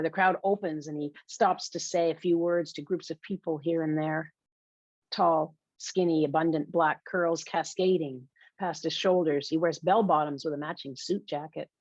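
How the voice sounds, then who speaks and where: A woman's voice: lowish voice, darkish tone, dry recording. A woman narrating a first-person novel in a confessional, wry way, in a muffled lo-fi recording. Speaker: audiobook narrator. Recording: dull, dry lo-fi recording.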